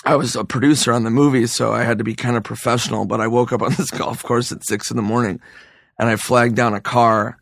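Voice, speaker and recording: A man's voice: mid-range voice, steady tone, fast, vocal fry, no echo, clean studio sound. A hungover man, a comedian guest, telling loose, profane stories in a casual podcast interview. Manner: loose, profane storytelling with restarts.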